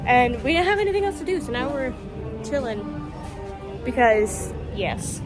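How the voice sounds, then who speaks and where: A woman casually vlogging to camera from her phone, excitable and playful, swearing now and then. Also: sits high, a little slow, over loud music. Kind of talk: casual vlog chatter to camera. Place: stores, streets and a theme-park district.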